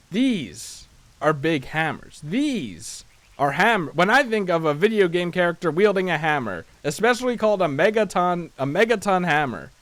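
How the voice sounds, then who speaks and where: Guy rambling over his gameplay, kinda high voice, restarts everything, jokes at his own expense. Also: clean tone, no echo. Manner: rambling, self-deprecating, chatty with frequent restarts. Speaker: let's play host. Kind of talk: casual gameplay commentary.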